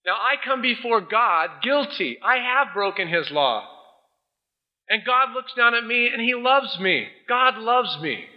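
A man's voice: very high voice, unhurried. A man preaching a sermon as a pastor, telling a story with energy and acting out the voices of a judge and a defendant. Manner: animated storytelling, acting out both sides of a courtroom scene. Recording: dull lo-fi sound.

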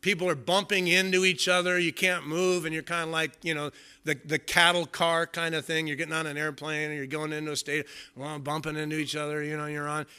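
Male pastor, sermon; bright, cutting voice, casual storytelling, drops to near-hush for effect. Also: flat delivery, a little fast, clear, resonant tone. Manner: conversational, folksy storytelling; swings from loud emphasis to hushed, low delivery.

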